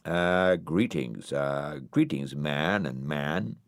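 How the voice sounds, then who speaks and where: A man's voice: a bass voice, expressive, slow, no echo, studio quality, pitched below the performer's own voice, full character voice. A man voicing a drowsy, laid-back male hippie rabbit in a storybook audiobook, drawling with lots of "man" and "like". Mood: dreamy. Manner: dreamy drawl full of "man" and "like". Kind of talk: storybook character voice.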